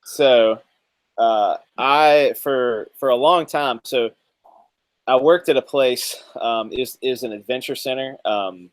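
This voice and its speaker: A man's voice: mid-range voice, slow, no room sound. A man co-hosting a casual talk show, laughing often and reading chat comments aloud. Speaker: podcast co-host.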